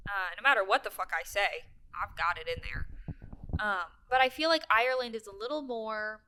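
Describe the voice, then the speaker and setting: A woman's voice: mid-range voice, normal speed, sharp tone, slight background noise. A young woman from Texas co-hosting a podcast, chatting casually and animatedly, swearing and laughing often. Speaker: podcast co-host. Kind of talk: casual chat.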